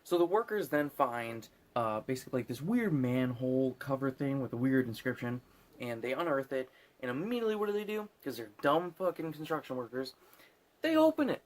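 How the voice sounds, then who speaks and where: A man's voice: medium pitch, fairly quick. Drunk man rambling through a movie. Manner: rambling, swearing, laughing at his own jokes. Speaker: host recapping a movie. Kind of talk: casual movie recap.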